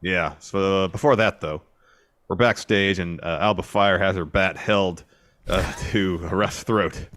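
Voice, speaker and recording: A man with a very low voice co-hosts a podcast, telling events in order at a steady clip and acting out what others said. The recording is dry and close. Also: measured pace, no room sound. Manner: steady play-by-play retelling, acting out quotes. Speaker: podcast co-host. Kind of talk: casual wrestling recap chat.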